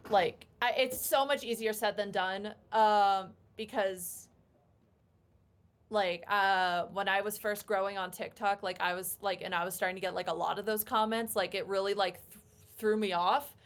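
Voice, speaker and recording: A woman's voice: medium pitch, steady tone, normal speed. Chatty young woman cosplayer. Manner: chatty, peppered with "like" and "um" fillers. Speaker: cosplayer guest. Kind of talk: casual interview answers.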